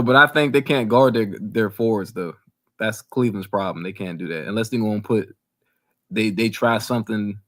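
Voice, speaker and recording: Animated slangy man talking basketball. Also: fairly low pitch. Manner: animated, repeats himself, slangy. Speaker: podcast co-host. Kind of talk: casual sports chat.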